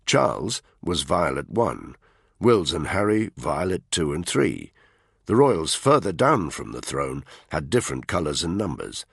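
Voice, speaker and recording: Male audiobook narrator, thriller, measured reading, husky, lively pitch. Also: no room sound, clean studio sound. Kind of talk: scripted narration.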